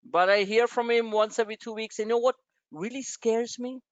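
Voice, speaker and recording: This man's voice is very high yet steady, and he keeps a moderate pace as he hosts a live stock-trading webinar. His motivational rant is emotional, impassioned, and blunt, with some cursing thrown in. The dull, dry lo-fi webinar recording has no echo.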